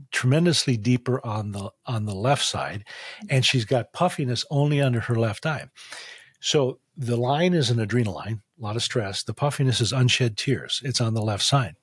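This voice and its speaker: A man's voice: medium pitch, breathy edge, no room sound. A man guest in an interview, telling a patient story animatedly and acting out the dialogue. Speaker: guest, facial diagnosis practitioner.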